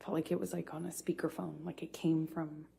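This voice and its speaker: A woman testifying as a witness in court, speaking haltingly with frequent pauses and restarts. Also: low-pitched, flat delivery, vocal fry, mellow, slight background noise.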